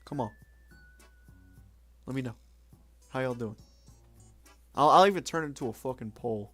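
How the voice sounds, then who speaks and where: A man's voice: medium pitch, normal speed, fairly bright tone, no echo, soft background music. A young man streaming late at night, chatting casually with viewers in a rambling, self-mocking way, swearing now and then.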